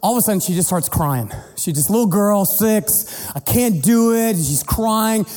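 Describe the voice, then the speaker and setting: A middle-aged man preaching as a pastor, telling a family story in an animated, playful way and acting out the voices. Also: sits high, moderate pace. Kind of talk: sermon storytelling. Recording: long hall reverb with faint music.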